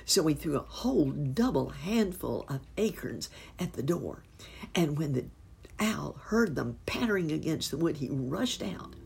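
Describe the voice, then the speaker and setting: A woman reading a children's storybook aloud, with expressive, unhurried storytelling. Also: sits low, gravelly, husky. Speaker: narrator.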